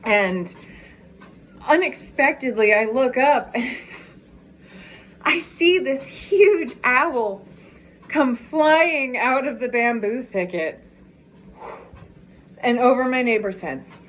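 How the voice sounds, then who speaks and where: A woman's voice: fairly high pitch, slow, pauses often, a little hiss or hum. A woman chatting on a walking vlog, out of breath and laughing often, recorded on a phone outdoors. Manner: bubbly, laughs often, excitable. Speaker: vlogger. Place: outdoors on a walk.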